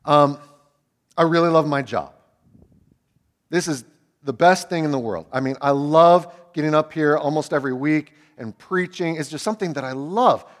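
Dynamic preacher, loud peaks and hushes. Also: male voice, on the high side, moderate pace. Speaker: pastor. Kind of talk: sermon.

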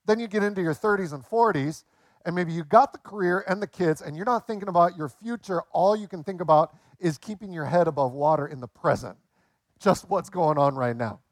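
A man in his late forties preaching a sermon in a relaxed, conversational way, telling jokes along the way. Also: high-pitched, dry recording, studio quality. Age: 40s. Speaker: pastor.

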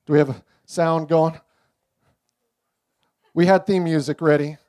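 A man's voice: a little high, a little slow. A middle-aged man preaching a casual, joking sermon to a church congregation with children. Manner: relaxed, joking storyteller. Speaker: pastor. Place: church service.

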